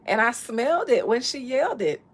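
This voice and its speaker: Animated, laughing woman podcaster. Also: on the high side, a little fast. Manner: animated, profane, laughs often. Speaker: podcast host. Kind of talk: casual comedic commentary.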